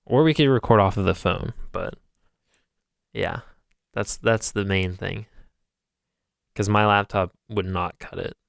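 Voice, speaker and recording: A man's voice: fairly low pitch, a little slow, creaky, pauses often, no echo, clean studio sound. A man co-hosting a podcast in casual chat, laughing often and rambling with fillers. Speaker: podcast co-host.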